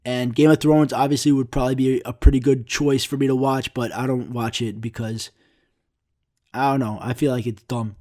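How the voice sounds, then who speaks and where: A man's voice: medium pitch, steady tone, normal speed, a little mellow. A young man hosting a solo podcast, rambling through a casual rant with frequent swearing and self-mocking asides. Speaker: podcast host.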